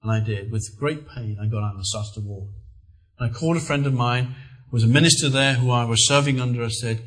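A middle-aged man preaching a sermon, telling personal stories with earnest, lively emphasis. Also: mid-range voice, a little fast, low-quality recording.

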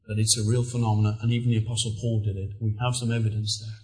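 A middle-aged man preaching a sermon, telling personal stories with earnest, lively emphasis. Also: mid-range voice, poor audio.

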